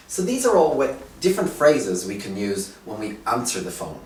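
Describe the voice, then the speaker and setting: A man teaching an English lesson, speaking slowly and clearly with emphasis on key phrases. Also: mid-range voice, expressive, distant mic. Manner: slow, clear, drawn-out teaching with rising emphasis. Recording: roomy echo, voice from off the mic.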